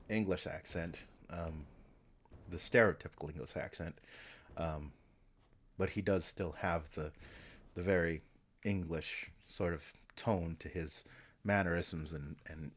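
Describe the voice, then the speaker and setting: A man streaming, talking to himself in a meandering, casual way, swearing often and trailing off into restarts. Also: sits low. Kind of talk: casual rambling stream talk.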